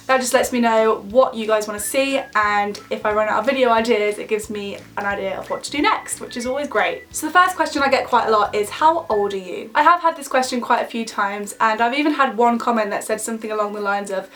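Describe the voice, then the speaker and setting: A woman's voice: fairly high pitch, a little fast, hardly any pauses, fairly bright tone. A woman in her twenties with an English Midlands accent, chatting casually through a Q&A vlog with lots of "like" fillers. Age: 20s. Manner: chatty and bubbly, many "like" fillers. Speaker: YouTuber.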